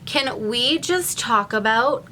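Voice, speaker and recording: A woman's voice: fairly high pitch, lively intonation, takes it slowly, sharp tone, a little hiss or hum. A woman with a young daughter gushing through an unboxing vlog, gasping and repeating exclamations. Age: adult, a mother. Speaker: YouTuber unboxing a gift box.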